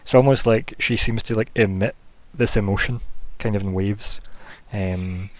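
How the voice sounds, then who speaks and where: A man's voice: on the low side, steady tone, moderate pace. A man narrating a tabletop game as game master, rambling casually with plenty of fillers. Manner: rambling, loose, full of fillers like "kinda" and "like".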